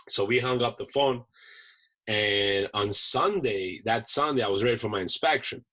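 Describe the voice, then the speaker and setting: Veteran guest, male, bright husky voice, animated storyteller. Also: mid-range voice, moderate pace, low-quality recording. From United States. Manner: animated storyteller acting out voices, laughs often. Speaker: podcast guest, Marine veteran chef. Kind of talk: casual storytelling.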